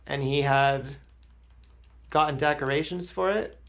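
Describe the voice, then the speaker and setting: A man's voice: a little high, unhurried, a bit bright, highs cut off. A man livestreaming, telling crude, rambling stories in a blunt way.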